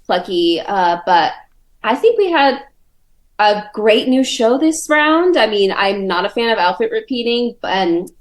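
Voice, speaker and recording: A woman's voice: medium pitch, expressive, measured pace, lightly acted. A woman voicing a casual fey contest judge who talks in a chatty, hesitant way.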